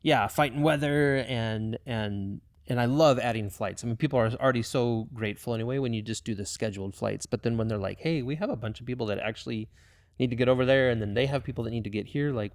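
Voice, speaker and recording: Young male pilot, casual and emotional storyteller, gravelly tone, dry close sound. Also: mid-range voice, fast talker, dry recording. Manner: animated, emotional, filler-heavy. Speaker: missionary pilot.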